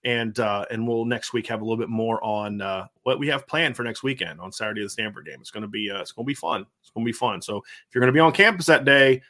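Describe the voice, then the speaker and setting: Fast-talking Southern American man podcasting. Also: fairly low pitch. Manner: fast, animated, frequent fillers and restarts. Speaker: podcast host. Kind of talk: casual sports podcast chat.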